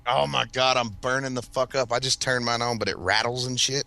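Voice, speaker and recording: A man's voice: medium pitch, steady tone, a little fast, vocal fry, sharp tone, smooth, dry recording, faint music behind. A man in casual podcast chat, telling rambling, profane stories and laughing often. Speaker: podcast host.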